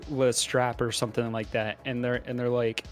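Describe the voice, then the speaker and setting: A man's voice: mid-range voice, little pitch movement, moderate pace, soft background music. A man co-hosting a casual podcast, joking and rambling as he laughs often. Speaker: podcast co-host.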